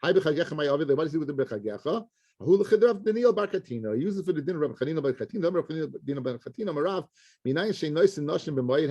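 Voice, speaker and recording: A rabbi teaching a Talmud class in a slightly higher voice than most men. He asks questions and then answers them himself. He moves easily between English and Hebrew and Aramaic terms, with listeners present in the room. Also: mellow.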